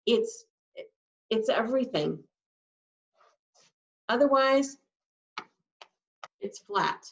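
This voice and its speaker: Speaking very slowly with lively intonation, this woman has a fairly high pitch. In a live sign language class, she walks through signs and acts out feelings with her voice to demonstrate them. The sound is dull and lo-fi from a far-off microphone.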